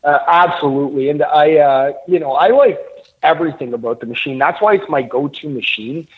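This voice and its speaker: A man's voice: fairly high pitch, brisk. Joking man from Canada on a phone line. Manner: joking, self-deprecating. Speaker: guest treasure hunter. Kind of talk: casual interview on live radio.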